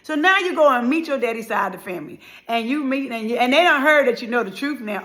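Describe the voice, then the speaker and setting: A middle-aged woman, a motivational speaker, telling a personal story in an animated, emphatic way and returning to a repeated refrain. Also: fairly high pitch, fast talker, hardly any pauses.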